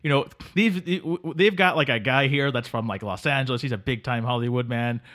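A man's voice: mid-range voice, brisk, a bit bright. Jokey male podcast co-host. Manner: jokey, tags lines with "eh" and "buddy". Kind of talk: comedic banter.

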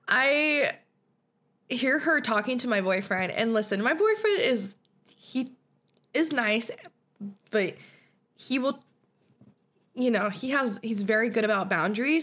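A woman's voice: medium pitch, a bit bright. A young woman hosting a podcast, telling a personal story in a blunt, profane, casual way and laughing often. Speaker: podcast host.

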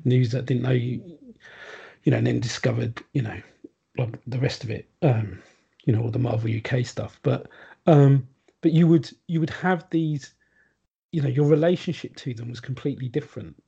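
A man's voice: mid-range voice, normal speed, gravelly, dark tone, breathy edge, muffled recording. A man chatting casually on a podcast, rambling with lots of ums and restarts. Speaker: podcast guest. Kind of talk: casual chat.

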